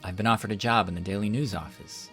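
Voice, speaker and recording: A young man playing a devoted, sincere suitor in an audiobook, speaking quietly and with restraint. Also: lowish voice, fast talker, soft background music. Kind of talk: audiobook character reading.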